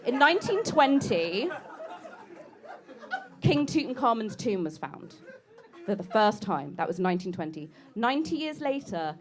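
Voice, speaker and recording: A woman's voice: fairly high pitch, big pitch swings, unhurried, long pauses. A woman, doing a chatty, self-mocking stand-up set and teasing the crowd in a comedy club. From England. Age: 30s. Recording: live club recording with audience noise.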